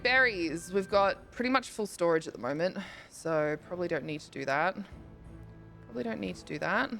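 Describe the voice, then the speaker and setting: A woman's voice: on the low side, gravelly, a bit bright. A young woman streaming a game live, chatting with viewers and thinking aloud, swearing casually and breaking into squeals. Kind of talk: casual live-stream chat while playing.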